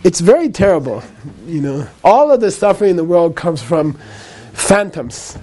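A man lecturing a class on Buddhist ideas in a mellow, fairly high voice. He explains patiently with a light laugh now and then, says each key point more than once and checks in with "okay?" after it. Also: sing-song, normal speed. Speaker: Buddhist teacher.

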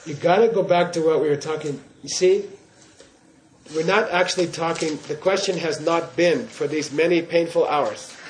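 A man's voice: fairly high pitch, slight background noise. A man giving a Buddhist teaching in class, in a playful way, often checking in with his listeners. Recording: roomy hall echo.

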